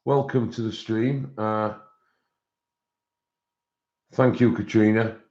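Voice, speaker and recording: A man with a lowish voice chatting casually on a live stream, rambling as he greets viewers by name. The sound is dull and lo-fi, like a basic stream feed. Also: fairly even intonation, slow pace, a little mellow. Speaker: colouring channel host.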